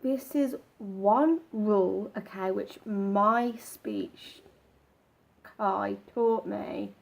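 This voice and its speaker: Slow, gravelly woman. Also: mid-range voice. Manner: halting, broken phrases with restarts. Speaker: vlogger. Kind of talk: casual advice talk to camera.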